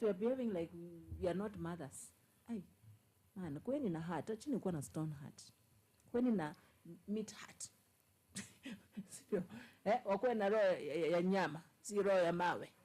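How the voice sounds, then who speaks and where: A woman's voice: medium pitch, darkish tone, husky, low-quality recording. A woman with a Kenyan accent in casual political chat, scolding emphatically and repeating her points. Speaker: commentator.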